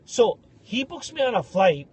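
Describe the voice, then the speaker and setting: Animated high-voiced man telling stories. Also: moderate pace, slightly rough, no room sound. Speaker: podcast co-host. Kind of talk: casual storytelling rant.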